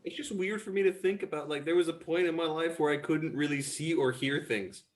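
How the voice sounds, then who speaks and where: A young man, a grown son, talking casually with his family in a halting, rambling way. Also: on the high side. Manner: rambling, halting, lots of fillers.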